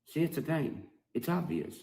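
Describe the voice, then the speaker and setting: A man's voice: a little high, moderate pace, vocal fry, warm tone. A man, a musician, ranting to his fans in a mocking, heavily profane, emphatic way. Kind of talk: profane video rant. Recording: roomy echoey room.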